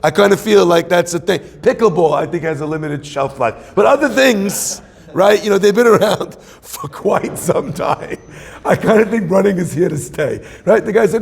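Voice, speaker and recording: A man's voice: high voice, animated, moderate pace, vocal fry, breathy edge. A man in his forties, a rabbi, giving a joking, conversational sermon and asking the audience questions. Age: 40s. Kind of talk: humorous sermon. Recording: long hall reverb.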